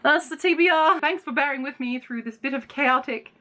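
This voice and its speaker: A woman booktuber chatting casually in a vlog, bubbly and quick to exclaim. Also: high voice, pushed and bright.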